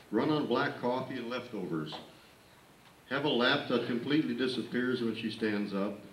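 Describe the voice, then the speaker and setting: A man reading a sentimental tribute aloud, lifting his voice for the quoted lines. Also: medium pitch. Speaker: family member reading a tribute. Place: indoor family birthday party. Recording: echoey room, distant camcorder mic, faint hiss.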